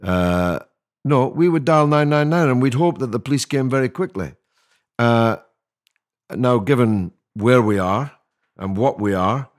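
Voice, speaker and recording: A man's voice: medium pitch, lively intonation, measured pace. An older man, a guest on a podcast interview, talking in an emphatic, rhetorical way with many restarts. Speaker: mayoral candidate guest.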